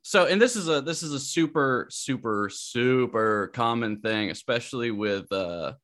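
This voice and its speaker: A man's voice: medium pitch, animated, measured pace, a bit bright. A man hosting a podcast in casual chat, rambling and often restarting his sentences. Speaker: podcast host.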